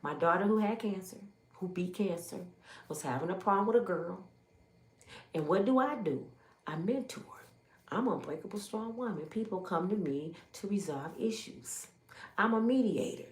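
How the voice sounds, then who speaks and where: A woman in her fifties telling her life story as a testimony, acting out the voices of others and swinging from loud exclamations to hushed asides. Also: mid-range voice, normal speed. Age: 50s. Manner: animated, acts out others' voices in quotes. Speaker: YouTube storyteller. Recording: roomy echo.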